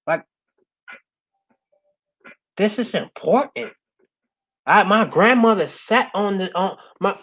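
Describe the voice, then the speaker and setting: A woman's voice: lively intonation, takes it slowly, pauses often, poor audio. Passionate woman giving a motivational talk. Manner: passionate, repeats "right?" after most points; swings between loud urging and soft, low-key closing. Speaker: guest speaker.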